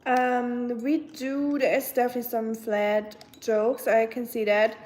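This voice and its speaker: This young streamer from Germany answers her live chat in a relaxed, talkative way, reading messages out and filling her speech with fillers. She has a fairly high, flat voice with a somewhat dark tone and a measured pace.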